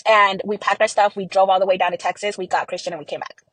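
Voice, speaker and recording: A woman's voice: medium pitch, fairly even intonation, fast, a bit bright, dry recording, low-quality recording. A woman speaking as an interview guest in a casual, emotional way, with many "like" and "you know" fillers.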